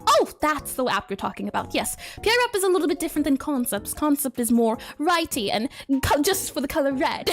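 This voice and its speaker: A woman streaming her game development live, chatting casually, reading chat aloud, spelling out words and laughing often. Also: high voice.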